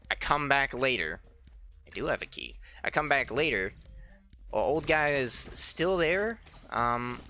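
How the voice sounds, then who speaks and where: A young man talks through a long, rambling anecdote while he plays, often breaking off to act out the people in it. His voice is bright and forward, at an ordinary pitch. Faint game music plays under the talk. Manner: rambling, chatty, acts out quoted people. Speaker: let's play host. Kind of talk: casual storytelling over gameplay.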